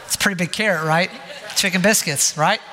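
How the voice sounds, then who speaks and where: A man's voice: high voice, brisk, bright, forceful tone, a little hiss or hum. A man in his forties preaching a sermon, telling a story with self-mocking humor. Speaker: pastor. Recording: long hall reverb.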